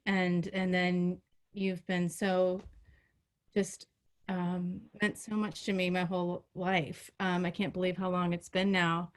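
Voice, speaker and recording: Woman in her fifties, choked up, halting toast full of ums, video call audio. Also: lowish voice, flat delivery. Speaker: friend giving a birthday toast.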